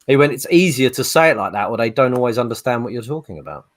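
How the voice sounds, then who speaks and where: A man's voice: mid-range voice, expressive, quick pace. A man telling rambling, laugh-filled anecdotes in a casual podcast chat. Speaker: regular podcast co-host.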